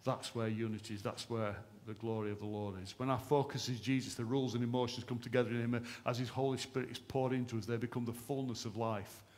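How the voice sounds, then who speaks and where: A man preaching a sermon at a church service, impassioned and emphatic, swinging between raised fervent lines and hushed ones. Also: medium pitch, level tone, fast, few pauses. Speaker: pastor.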